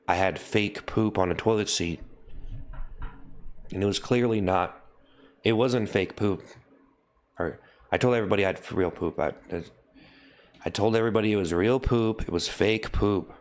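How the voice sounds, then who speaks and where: A man hosting a livestream, repeating a deadpan mock confession over and over. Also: fairly low pitch, moderate pace, long pauses. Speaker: livestream host. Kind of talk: mock-solemn livestream apology.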